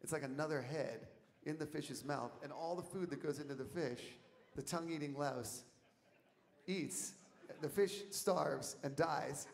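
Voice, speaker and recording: A middle-aged man telling a rambling story on stage between songs, laughing and swinging from mumbles to shouts. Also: a little high, measured pace, creaky. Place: live concert venue. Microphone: stage mic, audience tape. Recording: audience taper recording, faint hiss.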